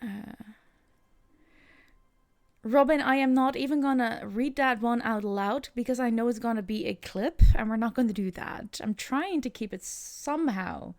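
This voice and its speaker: A woman's voice: a little high, moderate pace, a little mellow. A woman streamer playing a game, chatting casually, laughing often and reacting to her chat. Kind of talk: casual livestream chat over gameplay.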